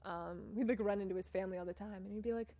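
A woman's voice: mid-range voice, racing, a little hiss or hum. Chatty young woman telling a trip story. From Maine, USA. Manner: chatty, self-mocking, animated and laughing. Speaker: church mission trip speaker. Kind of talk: casual storytelling talk with slides.

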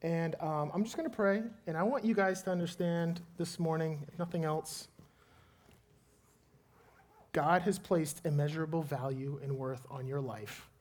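A man, a father of a young child, preaching as a pastor and telling a lively personal story before slowing into earnest prayer. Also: fairly high pitch.

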